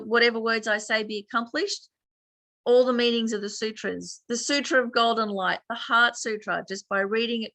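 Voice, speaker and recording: A woman's voice: a little high, bright, forceful tone, no echo. An Australian woman teaching a chatty online meditation class, laughing often as she explains.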